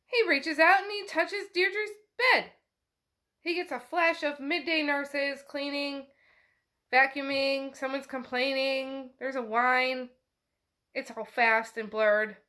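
Woman podcast host, slow, bright, casual book-recap delivery, swears freely. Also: high-pitched. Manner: chatty, swears, "he's like" retelling.

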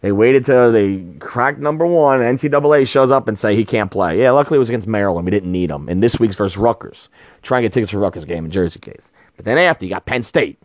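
A man's voice: fairly low pitch, quick pace, no room sound. A middle-aged man hosting a sports podcast in casual chat, blunt and opinionated, swearing freely, on a dull lo-fi recording. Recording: dull lo-fi sound.

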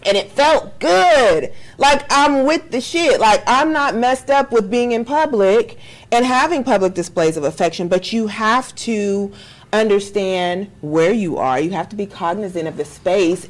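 A woman's voice: mid-range voice, animated, unhurried. A middle-aged woman co-hosting a podcast, giving candid, blunt relationship advice in casual chat and swearing freely. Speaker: podcast co-host.

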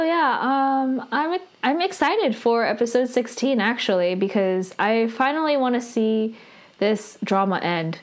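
Chatty young woman recapping episodes. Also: mid-range voice. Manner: chatty, full of "like" and "you know", laughing often. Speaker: drama recap vlogger.

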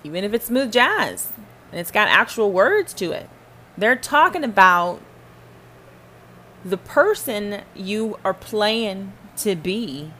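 A woman with a mid-range voice hosts a podcast about faith, addressing the listener directly in a casual, emphatic, preachy style. She talks slowly with big swings in pitch and a slightly bright tone, over a little background noise.

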